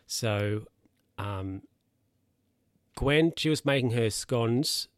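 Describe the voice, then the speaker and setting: A man's voice: mid-range voice, extremely slow, no echo, clean studio sound. Rambling man recapping a film. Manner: rambling, filler-heavy, self-correcting.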